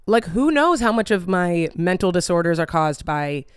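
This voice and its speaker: A woman's voice: fairly low pitch, sing-song, moderate pace, smooth, no room sound, clean studio sound. A young woman chatting casually to camera, drifting between tangents and losing her thread, with plenty of "like" and the odd swear word. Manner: chatty, tangent-prone, loses her train of thought. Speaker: vlogger. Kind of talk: casual rambling chat to camera.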